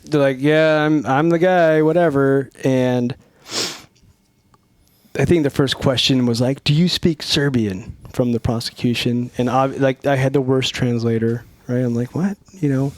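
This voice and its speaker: A man's voice: medium pitch, unhurried, dry recording. A middle-aged man from Northern California telling a wild story on a podcast, swearing freely, laughing often and acting out the dialogue. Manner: profane, laughing, animated retelling with quoted dialogue. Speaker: podcast guest, former Navy SEAL. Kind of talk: casual storytelling.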